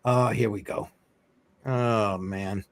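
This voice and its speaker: A man's voice: lowish voice, fairly even intonation, slow pace, a crowd in the background. A man hosting a casual crypto talk show, rambling and offhand with lots of fillers. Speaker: host of a crypto news livestream.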